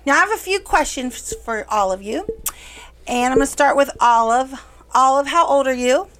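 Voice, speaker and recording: A woman's voice: high voice, animated, moderate pace, fairly bright tone. A middle-aged woman hosting a casual podcast for an early childhood center, chatty and cheerful as she talks with young children.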